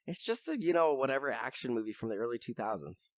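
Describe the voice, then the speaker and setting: Animated and quick, a young man with a medium-pitched voice hosts a podcast in a dry recording. His casual chat rambles with plenty of fillers, and he occasionally swears when he gets worked up.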